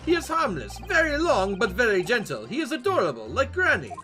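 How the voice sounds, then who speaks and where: Man voicing a burly foreign sailor, broken English, blunt, swooping lively pitch. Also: moderate pace, soft background music, exaggerated voice. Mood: proud. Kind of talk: reading game dialogue aloud.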